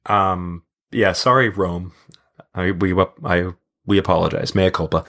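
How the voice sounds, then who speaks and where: A man's voice: low voice, fairly even intonation, a little slow, fairly bright tone. A man co-hosting a casual podcast, hesitant and full of fillers. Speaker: podcast co-host.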